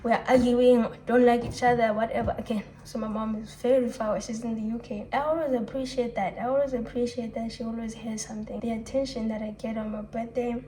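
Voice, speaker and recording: A woman's voice: a little high, level tone, brisk, few pauses, mellow, low-quality recording. A young woman talking candidly and reflectively to camera in a rambling, confessional monologue. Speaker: vlogger.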